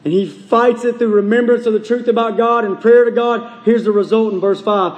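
High-voiced man preaching in a reverberant hall. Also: steady tone, a little mellow. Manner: earnest preaching, slows and drops low on key phrases. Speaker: pastor. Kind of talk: sermon.

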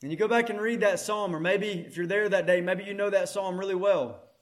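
A man preaching a sermon, moving between hushed scripture reading and loud, impassioned proclamation. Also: high voice, fairly even intonation, a little fast.

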